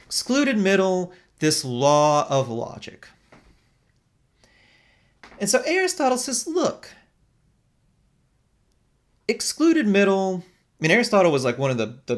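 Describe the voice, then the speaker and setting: A lecturer talks through a logic lesson with a lively pitch that climbs and drops often. The delivery is conversational and explanatory, full of asides and repeated checks with the class. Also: measured pace, long pauses. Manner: animated, explanatory, asks "right?" often. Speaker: philosophy lecturer. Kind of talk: recorded lecture.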